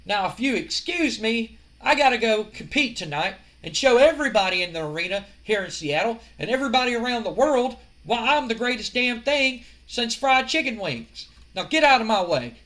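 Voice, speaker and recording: A man putting on the voice of a boastful male wrestler, talking in a brash, loud way. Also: very high-pitched, sing-song, moderate pace, few pauses, voice pushed up, heavily acted. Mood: cocky.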